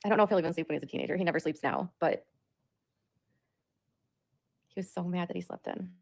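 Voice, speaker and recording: A woman's voice: on the low side, fast talker, gravelly, a little mellow. A woman talking on a livestream in a rambling, repetitive way, with lots of "like". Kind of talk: livestream monologue.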